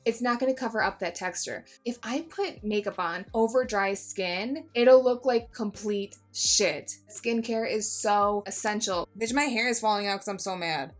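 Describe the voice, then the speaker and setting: A woman giving a casual makeup tutorial, chatty and jokey, swearing freely and mocking herself. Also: mid-range voice. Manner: self-mocking asides. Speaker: beauty vlogger.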